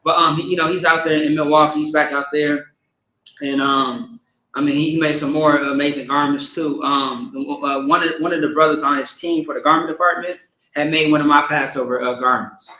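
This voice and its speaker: A man's voice: on the high side, a little fast. Slangy man leading a home service. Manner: relaxed slangy talk with many restarts. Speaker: service leader. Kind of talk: casual chat then call-and-response prayer. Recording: echoey room with faint background noise.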